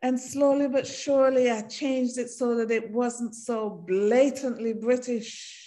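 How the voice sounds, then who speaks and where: A woman with a Jamaican accent, a singer guesting on a podcast, telling a story in an animated way, laughing and acting out voices. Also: a little high, a little slow.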